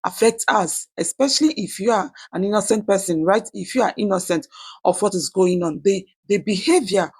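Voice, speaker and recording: A channel host giving measured reaction commentary, often checking in with tag questions. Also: mid-range voice, gravelly, slightly rough, no room sound.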